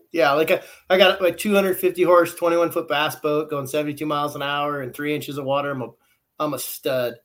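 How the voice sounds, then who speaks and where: Man, podcast co-host, raised voice, animated and ranting, laughs a lot. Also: on the high side, brisk. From US Northwest. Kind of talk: casual chat.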